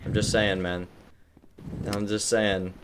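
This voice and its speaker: A man's voice: little pitch movement, slow pace, very noisy. A man streaming a game, chatting sarcastically and joking with other players. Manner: jokey, sarcastic, bursts into high squealing laughs. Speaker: gaming streamer. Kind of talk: casual gameplay banter. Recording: music bed under gameplay voice chat.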